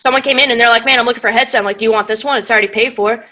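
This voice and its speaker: A woman's voice: a little high, very fast. A woman co-hosting a podcast over a video call, telling work stories in casual chat, swearing and acting out quotes. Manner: swearing, animated storytelling with acted quotes. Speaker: podcast co-host.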